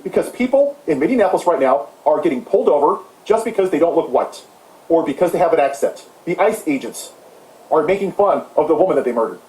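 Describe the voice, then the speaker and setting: A man's voice: a little high, animated, quick pace, a little mellow, roomy sound, rough recording. A man delivering a heated, sarcastic political rant as the host of his own channel. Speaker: political commentator. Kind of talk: impassioned ranting monologue.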